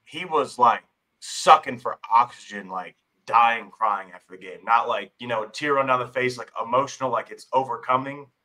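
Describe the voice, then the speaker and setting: A man on a sports podcast panel, giving a hesitant, measured opinion in casual chat. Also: mid-range voice, pushed and bright, rough recording.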